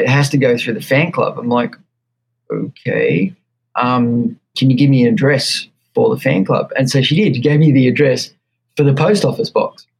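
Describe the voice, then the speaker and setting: A man with an Australian accent, a guitar maker being interviewed, telling an animated story and acting out the quotes. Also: medium pitch, vocal fry, breathy edge, rough recording. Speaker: guest luthier.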